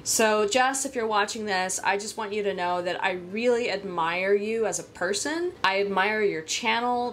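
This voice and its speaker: A woman's voice: mid-range voice, fairly bright tone. A woman hosting her own fitness vlog, chatting casually in an upbeat, gushing way with small restarts. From United States. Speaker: fitness vlogger and channel host.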